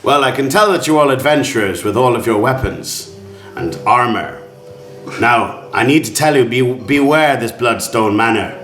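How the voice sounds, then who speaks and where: A man's voice: mid-range voice, lively intonation, moderate pace, fairly bright tone, pitched above the performer's own voice, close to an everyday voice. A man voicing a chatty, jokey carriage driver and former adventurer, in a wobbly put-on accent. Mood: cheery, warning. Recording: roomy sound with faint music.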